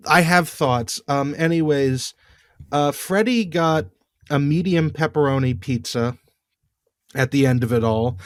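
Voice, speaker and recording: A man's voice: mid-range voice, dry recording, studio quality. Exasperated man ranting with lots of fillers. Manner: exasperated, rambling, many fillers. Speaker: podcast co-host. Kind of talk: casual recap chat.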